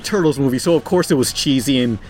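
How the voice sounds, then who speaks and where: A man's voice: medium pitch, fast, soft background music. A young man casually reviewing a movie with a friend, rambling, laughing often and swearing freely. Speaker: podcast co-host.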